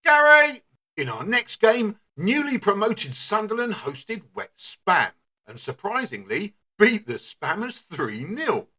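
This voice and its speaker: A man presenting an animated comedy football show in brash, sweary scripted narration. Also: high-pitched, husky. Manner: brash, sweary, quick-fire delivery.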